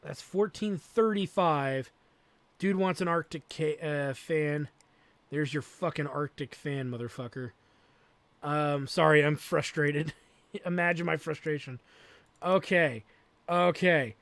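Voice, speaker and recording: A man's voice: a little high, slow pace, a bit bright, dry recording. A man hosting a let's play, thinking aloud as he plays and swearing freely. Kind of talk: gameplay commentary.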